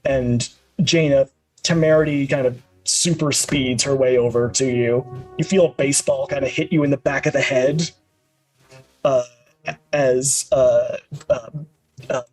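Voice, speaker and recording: A man running a tabletop game as game master, narrating the action at a middling pitch. He pauses and hesitates often. Faint music plays underneath. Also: darkish tone, slightly rough, rough recording. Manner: hesitant, many fillers.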